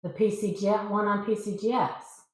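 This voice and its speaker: A woman on a livestream panel over a video call, reacting with quick exclamations and questions. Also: medium pitch, fairly even intonation. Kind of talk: casual livestream chat. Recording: very echoey room.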